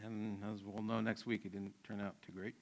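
A middle-aged man, a pastor, preaching a sermon in a relaxed, conversational way with stories from home. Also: lowish voice, fairly quick, creaky, slight background noise. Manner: conversational preaching, acts out his kids' voices.

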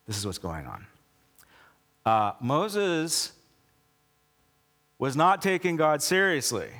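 A male pastor preaching a conversational sermon with sarcastic asides, acting out quoted lines in a lower, softer voice. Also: very animated, takes it slowly, long reverb tail.

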